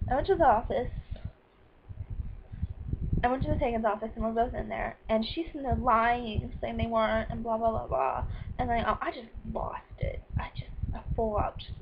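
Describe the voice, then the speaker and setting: A woman's voice: a little high, lo-fi sound, noisy background. A teenage girl venting about her day in a rambling, sarcastic personal vlog. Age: teens. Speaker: vlogger.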